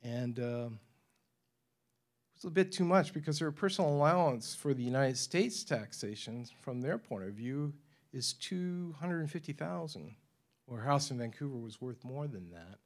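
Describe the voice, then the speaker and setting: A man speaking at a public forum in a university lecture room. He tells stories in a lively way and often laughs. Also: mid-range voice, normal speed. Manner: animated storyteller, acts out quoted voices, laughs often.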